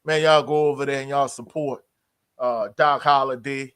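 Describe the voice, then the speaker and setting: A man hosts a live college sports stream with a relaxed, easygoing delivery. His speech is loose and slangy, and he keeps calling out to viewers in the chat. His voice sits at an ordinary mid pitch. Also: normal speed, clear, resonant tone. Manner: laid-back, slangy, greets chat members. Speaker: sports livestream host. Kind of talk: casual live sports talk.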